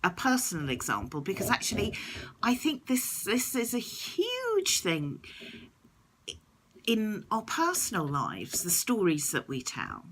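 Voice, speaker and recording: A woman's voice: medium pitch, huge pitch swings, a little slow, a bit bright, husky. A woman vlogger talking reflectively to camera in a thoughtful, explanatory way.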